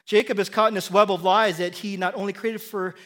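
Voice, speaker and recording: A middle-aged man delivers a sermon in a relaxed, storytelling manner. His voice sits a little high for a man. He keeps checking in with the room and laughs at his own stories. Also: a little fast. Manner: conversational storytelling, often asks "right?" and chuckles. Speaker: pastor.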